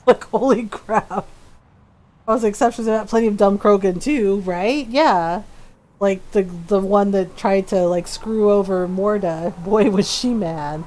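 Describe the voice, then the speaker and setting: A woman's voice: mid-range voice, a little slow. A woman chatting casually while live-streaming a game, full of fillers and laughs.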